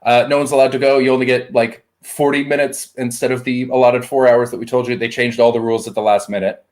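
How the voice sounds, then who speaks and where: A man in a relaxed conversation, trading jokes and the odd curse. His voice sits in an ordinary middle pitch. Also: fast talker. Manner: relaxed, joking, swearing. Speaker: podcast co-host. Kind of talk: casual chat.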